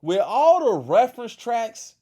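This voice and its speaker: A man hosting a casual reaction stream, talking back to a video and shouting out his chat. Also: very high-pitched, a little slow. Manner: animated, talks back to the video and thanks chat.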